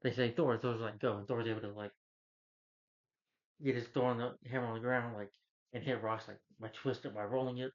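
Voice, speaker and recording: A man talks through a movie's plot in a loose, rambling recap that leans on "like" and "you know" again and again. His voice sits at an ordinary middle pitch. The recording sounds dull and lo-fi. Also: steady tone, brisk. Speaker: movie reviewer.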